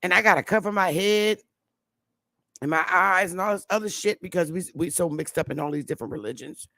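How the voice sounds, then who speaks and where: Gravelly, forceful woman from New England. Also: fairly low pitch, brisk, no room sound, studio quality. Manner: blunt, profane and emphatic. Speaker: livestream host. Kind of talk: impassioned livestream monologue.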